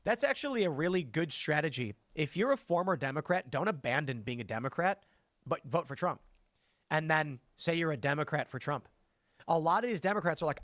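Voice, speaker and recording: Animated man, higher pitch, dry sound. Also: moderate pace, long pauses, dry recording. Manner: animated, acts out voices of others in anecdotes. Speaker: livestream host reading viewer comments. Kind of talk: casual political chat.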